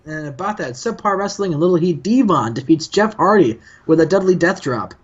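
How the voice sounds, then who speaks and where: Man, casual gaming commentary, jokey, voices characters, dull low-fi recording. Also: animated, a little fast, husky. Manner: joking, acts out characters. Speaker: host. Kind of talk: casual let's-play commentary. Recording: dull lo-fi mic.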